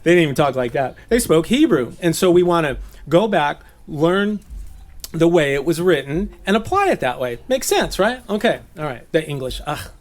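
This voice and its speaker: A man's voice: fairly high pitch, very animated, normal speed. A man raised in Southern California giving an informal, conversational Bible teaching, laughing at his own jokes.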